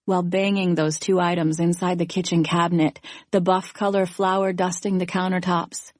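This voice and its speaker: A woman narrating a first-person thriller audiobook in a measured, even storytelling manner. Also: fairly low pitch, no room sound, clean studio sound.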